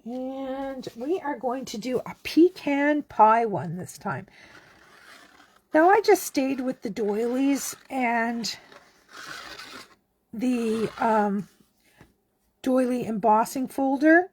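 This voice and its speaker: A woman from Canada giving a relaxed, chatty card-making tutorial, talking as she works. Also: sits high, takes it slowly, pauses often, a little hiss or hum. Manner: chatty, relaxed, talks while working. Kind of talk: casual craft tutorial.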